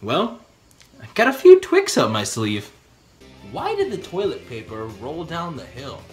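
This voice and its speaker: A man delivering short pun jokes one after another, with quick voiced asides. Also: on the high side, wildly swooping pitch, faint music behind. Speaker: comedy video host. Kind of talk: deadpan one-liner joke delivery.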